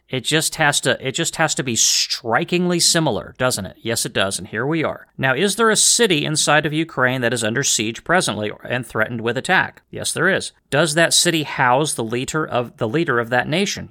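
A man's voice: medium pitch, bright, forceful tone. A man hosting a history podcast, talking casually with emphatic rhetorical questions and a folksy manner. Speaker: podcast host.

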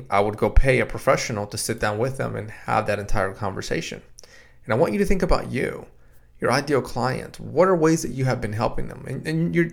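Gravelly-voiced man giving podcast advice. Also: mid-range voice. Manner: conversational, repeats words, quotes clients in dialogue. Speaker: podcast host and practice consultant. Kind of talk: casual solo podcast advice. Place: home podcast room in a basement.

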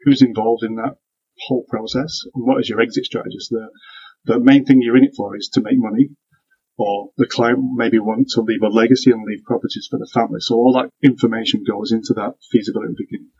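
A man from Manchester with a northern English accent speaks as a guest on a podcast. He sounds relaxed and works through points as a string of questions. His voice is husky, and the audio is dull and lo-fi. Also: mid-range voice, fast talker. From Manchester, northern England. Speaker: guest, property developer. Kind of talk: casual interview chat.

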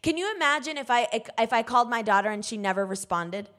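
A woman's voice: on the high side, expressive, quick pace, fairly bright tone. Woman preaching a conversational sermon. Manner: candid, emphatic, talks straight to the listeners. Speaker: minister.

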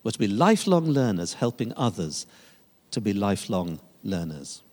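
A man's voice: on the low side, sing-song, moderate pace, darkish tone. An older man, a pastor, preaching a sermon with emphatic, rising and falling delivery. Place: church sanctuary. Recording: long reverb of a large church hall.

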